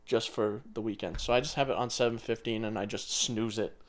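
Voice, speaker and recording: A man's voice: fairly low pitch, steady tone, brisk. A man in his twenties co-hosting a podcast, rambling through a story in casual chat and swearing now and then. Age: 20s. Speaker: podcast co-host.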